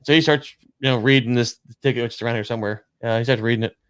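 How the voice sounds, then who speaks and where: A man's voice: medium pitch, fairly even intonation, racing, smooth, no echo, clean studio sound. A man co-hosting a casual talk show, telling a long story with lots of quoted dialogue and restarts. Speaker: podcast co-host.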